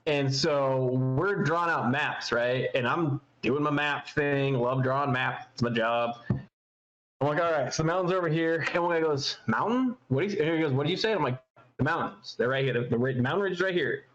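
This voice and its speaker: A man from Utah, a podcast co-host, telling profane, animated stories in casual chat. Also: mid-range voice, moderate pace, reverberant. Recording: slightly dull, lo-fi sound.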